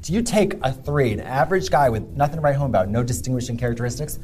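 A man in his thirties trades wry, deadpan jokes in a casual chat and breaks into overblown outrage. His pitch swings widely, with faint music in the background. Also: fast. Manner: dry, wry, bursts into exaggerated outrage. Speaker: co-host.

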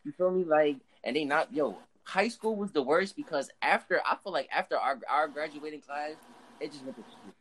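A man's voice: on the high side, lively intonation, moderate pace, fairly bright tone, poor audio. A young man chatting casually with friends, full of slang and telling stories. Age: young adult. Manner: slangy, storytelling, repeats "bro".

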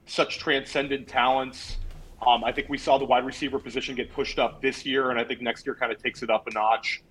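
A man with a husky, slightly breathy voice hosts a casual podcast panel. He asks each guest for their picks and fills gaps with "um". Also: medium pitch, fairly bright tone, rough recording. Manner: leads the panel with questions, many "um"s. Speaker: podcast host.

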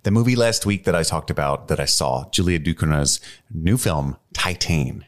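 A man's voice: low-pitched, expressive, moderate pace. A man hosting a podcast in casual chat, rambling and self-mocking with frequent laughter. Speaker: podcast host.

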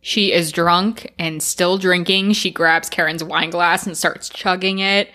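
A woman's voice: lowish voice, measured pace. A woman co-hosting a podcast, retelling movie scenes casually and often saying "like". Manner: casual, lots of "like", animated retelling. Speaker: podcast co-host.

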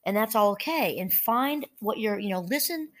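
A woman hosting a solo talk, speaking gently and conversationally, reading quotes aloud now and then. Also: mid-range voice, lively intonation, moderate pace. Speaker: podcast host. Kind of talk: reflective solo talk on fear and mindfulness.

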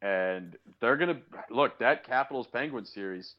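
A man's voice: mid-range voice, lively intonation, moderate pace, dull audio. A man co-hosting a podcast, chatting casually about sports and ranting with sarcastic asides. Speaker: podcast co-host.

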